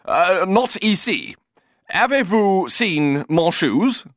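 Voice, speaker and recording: A man voicing a fussy, flustered Englishman abroad who is easily annoyed, in a high, agitated, spluttering voice. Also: sing-song, slow, fairly bright tone, dry recording, clean studio sound, full character voice.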